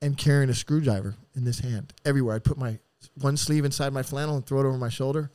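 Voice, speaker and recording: A man's voice: medium pitch, quick pace, no echo. Blunt, profane man telling his story. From San Diego area. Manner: blunt, profane, animated retelling with quoted voices. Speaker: podcast guest. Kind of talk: candid storytelling.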